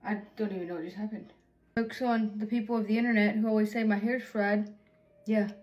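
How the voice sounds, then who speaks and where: A woman's voice: medium pitch, fairly even intonation, a little fast, a little mellow, lo-fi sound. Woman vlogger, shaken, in shock, rambling, nervous laughing. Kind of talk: casual vlog.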